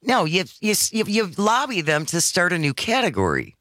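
A man's voice: high voice, huge pitch swings, normal speed, pushed and bright, dry recording. A man hosting a talk radio show, bantering dryly and reading listener messages aloud. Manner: dry, teasing, reads listener messages aloud. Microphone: studio microphone.

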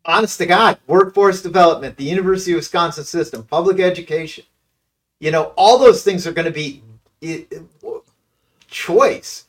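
A man's voice: sits high, moderate pace, recorded from a distance. A man appearing as a political consultant guest on a talk radio show, blunt and emphatic with hesitant starts.

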